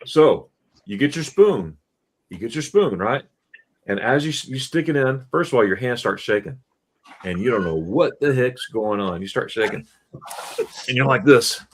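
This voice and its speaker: A middle-aged man hosts a casual live stream in an animated storytelling manner. He keeps quizzing his listeners and has a medium-pitched, everyday voice. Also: normal speed, a little hiss or hum. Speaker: host.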